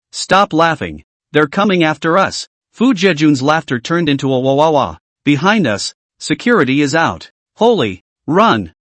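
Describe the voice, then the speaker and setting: A man with a fairly high-pitched voice narrates a comic recap in a scripted reading style, using the same steady voice for both the dialogue and the narration. There is no echo.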